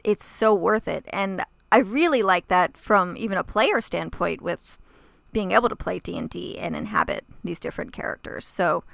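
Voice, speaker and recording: A woman's voice: lowish voice, moderate pace, vocal fry, fairly bright tone, dry recording. A woman co-hosting a podcast, chatting casually and gushing with enthusiasm. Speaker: podcast co-host. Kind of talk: casual chat.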